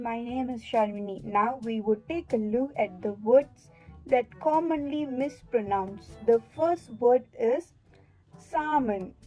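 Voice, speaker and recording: A young woman presenting a scripted pronunciation lesson, saying each example word slowly and repeating it for practice. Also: on the high side, a bit bright, low-quality recording. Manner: slow, deliberate, repeats words for drilling. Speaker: student presenter.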